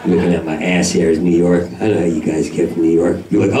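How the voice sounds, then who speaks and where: A man doing a stand-up comedy set in a club, talking in a manic, rambling, profane way that breaks into shouted voices. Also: deep voice, fairly even intonation, a little fast, hardly any pauses. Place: comedy club main room. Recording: echoey club recording from far off with crowd. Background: audience laughter.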